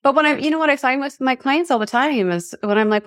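A woman's voice: on the high side, fast, hardly any pauses, dry recording. Reflective woman host, dry close sound. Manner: reflective, thinks aloud with "you know" and "right?". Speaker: podcast host, coach. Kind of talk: interview conversation.

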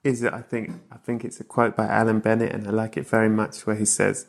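A man's voice: fairly low pitch, little pitch movement, fast, vocal fry. A man hosting a podcast about films, teasing his guest in casual, joking chat with easy swearing. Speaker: podcast host. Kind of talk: casual comedic interview.

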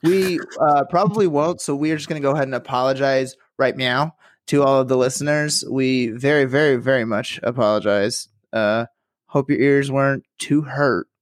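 A man's voice: medium pitch, steady tone, normal speed, dry recording, clean studio sound. A young man hosting a casual podcast, joking and swearing as he talks. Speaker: podcast host.

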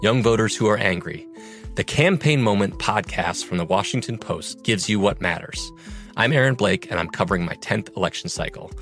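Deep, gravelly man reading a promo. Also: a bit bright. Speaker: political reporter. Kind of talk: podcast promo read.

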